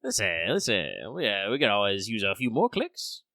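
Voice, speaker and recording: A man's voice: on the low side, very animated, normal speed, bright, forceful tone, no echo. A man hosting a casual podcast chat, rambling with lots of fillers, a bit under the weather. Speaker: podcast host.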